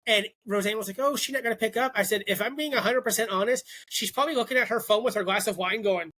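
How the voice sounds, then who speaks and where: Bright-voiced man telling stories. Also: high-pitched, fast talker. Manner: animated, acts out quoted voices. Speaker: podcast co-host. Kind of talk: casual storytelling chat.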